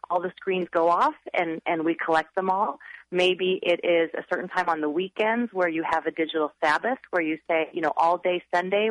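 A woman's voice: on the low side, dry recording, rough recording. A woman author, a guest on a radio interview, earnestly giving upbeat parenting advice.

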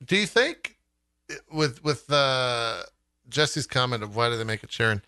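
A man's voice: mid-range voice, expressive, measured pace, sharp tone, smooth, no echo, studio quality. A man co-hosting a podcast, chatting casually in a rambling way with frequent laughter. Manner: rambling, many fillers and restarts, laughs often. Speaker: podcast co-host. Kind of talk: casual chat.

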